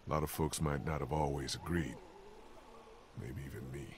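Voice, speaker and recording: A man voicing a grieving grown survivor in a video game, speaking quietly and somberly. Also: a bass voice, steady tone, normal speed, very noisy.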